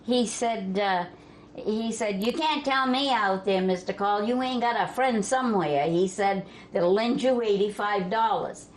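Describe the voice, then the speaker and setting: An older woman from Vermont telling family stories in a folksy way, laughing as she goes and dropping her voice low for the men she quotes. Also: a little slow. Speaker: storyteller guest. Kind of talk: family storytelling. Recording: faint background noise.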